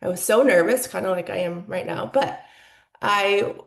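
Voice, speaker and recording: Creaky-voiced woman in her forties. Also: medium pitch, moderate pace, echoey room. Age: 40s. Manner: candid, emotional, many "like" fillers. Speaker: podcast guest. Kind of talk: personal story.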